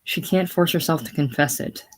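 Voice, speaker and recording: A reader reading the stage directions in a casual play reading, plain and unhurried. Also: medium pitch, low-quality recording.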